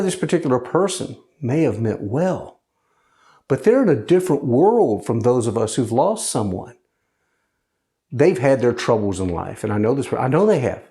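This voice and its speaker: Animated, lively-pitched man talking about loss. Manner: conversational, wry and sarcastic, animated pitch. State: widowed, grieving. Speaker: host. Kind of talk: personal monologue.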